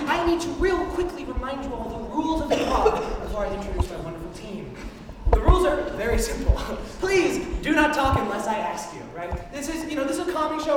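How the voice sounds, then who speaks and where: A young woman hosting a live improv comedy show on a large stage, bubbly and laughing as she calls out cues, filmed from far off in an echoey hall with a loud crowd. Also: high voice. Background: audience crowd and noise.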